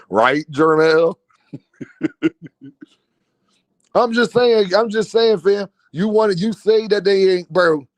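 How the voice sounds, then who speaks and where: High voiced guy ranting about boxing on his stream, keeps laughing, dead dry sound. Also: slow, long pauses, no echo. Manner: laughs a lot, mocking, repeats a running catchphrase; talks to live chat, slangy. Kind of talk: casual live-stream commentary.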